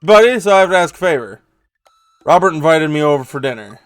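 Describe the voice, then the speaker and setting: A man's voice: a little high, animated, fast talker, no room sound, faint music behind, close to an everyday voice. A man voicing an awkward, friendly adult man asking a pal for a favor in a game. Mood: nervous. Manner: awkward, pleading.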